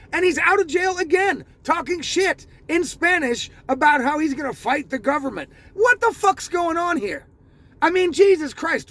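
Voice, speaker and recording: High-pitched gravelly man ranting. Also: fairly bright tone. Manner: heated, profane, repeats himself. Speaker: political commentary vlogger. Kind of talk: ranting political commentary.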